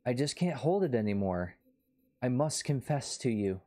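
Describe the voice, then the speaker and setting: A man's voice: mid-range voice, sing-song, moderate pace, mellow. A man streaming a story game, reading its dialogue aloud and playfully switching between put-on voices. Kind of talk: voicing characters in a story game playthrough.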